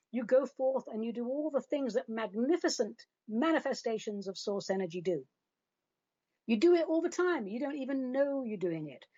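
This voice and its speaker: A woman hosts a solo talk show with a slightly breathy, husky voice. She sounds chatty and opinionated and leans hard on her points. The recording is dull and lo-fi. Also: medium pitch, a little mellow, dry recording. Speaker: podcast host.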